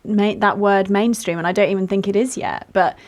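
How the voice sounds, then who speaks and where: A woman's voice: mid-range voice, steady tone, fairly quick, a little mellow. Enthusiastic woman host in her thirties. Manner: enthusiastic, storytelling, laughs often. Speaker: podcast host. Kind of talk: conversational interview.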